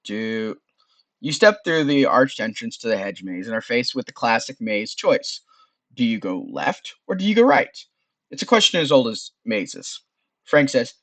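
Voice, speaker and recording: A man's voice: mid-range voice, very animated, a little slow, a bit bright, no room sound. A man casually playing through a browser game, reading its text aloud and muttering to himself. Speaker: game streamer. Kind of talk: let's play with read-aloud game text.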